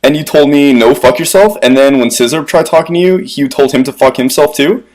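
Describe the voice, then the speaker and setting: A man's voice: a little high, brisk, darkish tone, rough recording. A man arguing indignantly and profanely over voice chat about a game raid dispute. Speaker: rival guild member in a dispute. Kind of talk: heated voice-chat argument.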